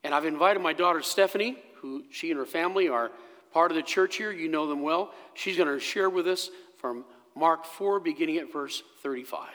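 A man preaching a sermon as pastor in a church, telling the story slowly and dramatically, dropping to a hush at key moments. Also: fairly high pitch. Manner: slow, dramatic storytelling with sudden hushed drops. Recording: long echo of a church hall.

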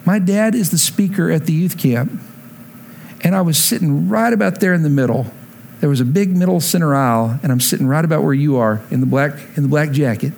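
A man preaching a sermon to a congregation, telling his own conversion story and climbing to emphatic peaks before dropping low and slow. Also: creaky, a little mellow, a little hiss or hum. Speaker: pastor. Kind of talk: sermon with personal testimony. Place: church sanctuary before a congregation.

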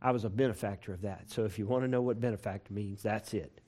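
A pastor preaching a sermon to his congregation in a church, repeating phrases and building to loud, emphatic peaks. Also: on the low side, fast, few pauses. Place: church sanctuary.

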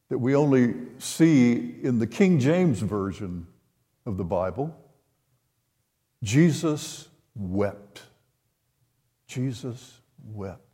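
An older man preaching a sermon, retelling a scripture story in an unhurried way and voicing the quoted lines. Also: medium pitch, dark tone. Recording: long hall reverb.

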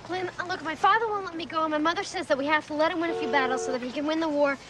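Actress playing a timid teen girl, very high voice, anxious, rushed, distant. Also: steady tone, natural voice. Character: timid, obedient teenage girl afraid of her father. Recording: film audio heard from a distance.

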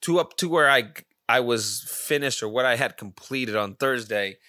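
A man hosting his own podcast, telling a long rambling story in a casual, profane, excitable way. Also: mid-range voice, normal speed, no echo, studio quality. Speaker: podcast host. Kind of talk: casual solo monologue.

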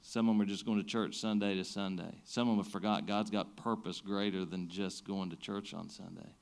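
A man's voice: low voice, fairly even intonation, brisk, gravelly. Man preaching conversationally. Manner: conversational preaching, frequent restarts, rises and drops in energy. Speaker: pastor. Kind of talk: sermon.

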